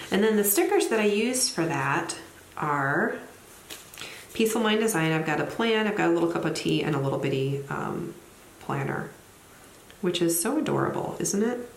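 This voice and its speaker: A woman with a slightly low voice chats her way through planning her week, thinking aloud and poking fun at her own habits. Her voice rings in a roomy space, with a faint hiss behind it. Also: gravelly. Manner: chatty, thinks aloud, self-deprecating asides. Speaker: planner vlogger; teacher. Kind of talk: casual plan-with-me narration while decorating.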